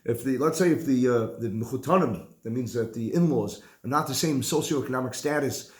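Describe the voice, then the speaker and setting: A man, a rabbi, giving a lively conversational halacha class. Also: mid-range voice, a little fast. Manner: animated, conversational, mixes Hebrew and Yiddish terms. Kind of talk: Torah class lecture. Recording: echoey room.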